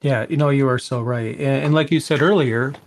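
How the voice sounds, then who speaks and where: A man of average pitch co-hosting a casual tech podcast. He talks in a conversational, emphatic way. He often repeats a word or two as he gets a sentence going. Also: a little fast, slight background noise. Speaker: podcast co-host.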